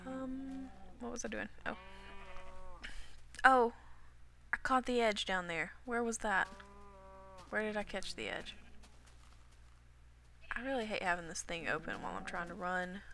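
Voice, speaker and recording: A woman's voice: mid-range voice, a little slow, gravelly, pauses often, a bit bright, a little hiss or hum. A young woman chatting her way through a Minecraft game at home, coughing now and then after being sick, rambling and talking to herself as she plays. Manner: rambling and chatty, talks to herself while playing. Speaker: gaming video creator. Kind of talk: casual Minecraft commentary.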